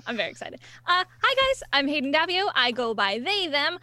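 An excitable, playful woman chatting at a tabletop game table. Her voice sits high and sounds bright and crisp, tossing out jokes and cheerful swearing. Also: a little fast, few pauses. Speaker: player. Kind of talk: casual chat.

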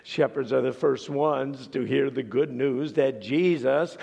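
A man's voice: medium pitch, unhurried, gravelly, few pauses, darkish tone, slightly rough, big-room sound. A male pastor preaching a sermon dramatically, asking questions and dropping to near-whispers before building up again.

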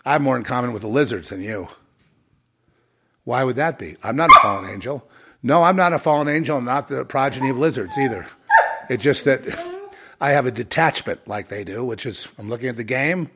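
A man's voice: mid-range voice, sharp tone, breathy edge. A man hosting his own podcast, delivering an angry, profane and sarcastic solo rant. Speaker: podcast host.

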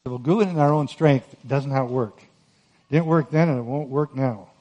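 A man preaching a sermon on Scripture, earnest and emphatic, rising to forceful peaks. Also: mid-range voice, moderate pace. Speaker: pastor.

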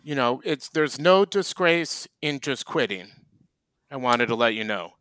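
A man co-hosting a comedy chat, delivering deadpan, mock-serious rants. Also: medium pitch, a little slow, no echo. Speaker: co-host.

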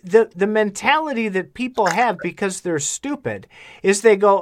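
A man's voice: sits high, expressive, normal speed. A man co-hosting a casual talk show, ranting bluntly and heatedly about money. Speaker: podcast co-host. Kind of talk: casual chat.

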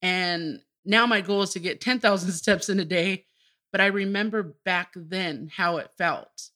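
Bright-voiced woman telling her story. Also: lowish voice, measured pace. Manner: open and emotional, breaks into laughter. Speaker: podcast guest. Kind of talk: candid personal storytelling.

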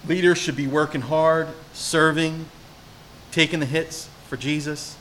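Bright-voiced preacher from New Jersey. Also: male voice, on the high side, unhurried, a little hiss or hum. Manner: animated storytelling, asks the congregation questions. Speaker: pastor. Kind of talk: sermon.

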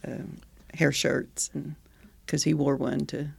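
A man with a deeply gravelly, creaky voice talks through a poem and the roots of old words. His manner is thoughtful and easy, and he breaks into laughter often. The sound is close and dry, with no room around it. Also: flat delivery, slow pace, no echo. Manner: thoughtful, laughs often, reads etymology aloud. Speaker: podcast co-host. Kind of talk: casual chat about poetry.

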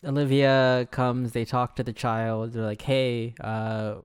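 A man's voice: mid-range voice, level tone, clean tone, no echo, clean studio sound. A man co-hosting a podcast, chatting casually and jokingly about a TV episode, laughing often. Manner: joking, lots of laughter and quick asides. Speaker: podcast co-host. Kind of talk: casual chat recapping a TV episode. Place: studio.

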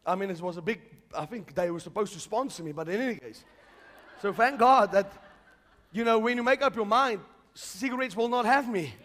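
A man preaching a charismatic sermon, moving from quiet storytelling to shouted declarations. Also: high-pitched, a little fast. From South Africa. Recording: long hall reverb.

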